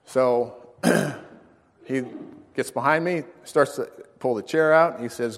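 A man preaching a storytelling sermon in a folksy, animated way, acting out the dialogue in his story. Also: medium pitch, normal speed. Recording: long reverb in a large hall.

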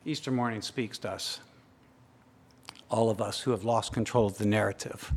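A man preaching a sermon, moving between hushed, slow reflection and raised, urgent emphasis, repeating phrases in building lists. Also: lowish voice, fairly even intonation, slightly rough, long reverb tail. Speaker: pastor.

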